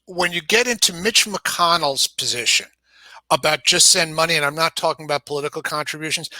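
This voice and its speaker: A man with a New York accent talks in a casual conversation, his voice pitched a little high and bright. The sound is close and dry. He circles back over his words, restarting sentences as he works out each point. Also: dry recording. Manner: thoughtful, many restarts and repeated words. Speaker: game publisher guest. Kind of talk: casual discussion.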